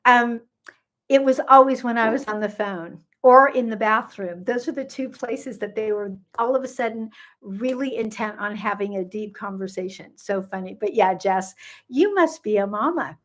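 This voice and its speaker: Speaking at a moderate pace, a woman with a fairly high voice chats casually on a phone livestream. She's a gut health coach nearing seventy who greets viewers by name and keeps wandering into rambling tangents.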